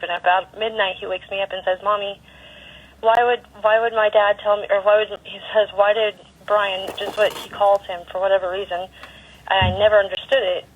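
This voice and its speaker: A woman calling in to tell an emotional personal account, halting and upset, often restarting her sentences. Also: medium pitch. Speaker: caller. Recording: tinny phone line.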